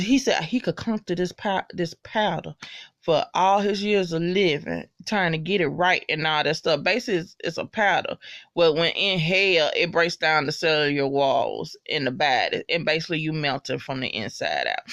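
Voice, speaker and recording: A woman giving a casual, slangy, profanity-laced spoken recap of a TV episode, loud and gushing. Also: deep voice, no echo, studio quality.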